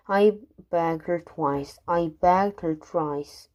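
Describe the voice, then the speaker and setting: Woman reading rhyming kids' poems aloud; lowish voice, very slow, the odd stumble and restart. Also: darkish tone. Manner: unhurried, with occasional stumbles and restarts. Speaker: reader.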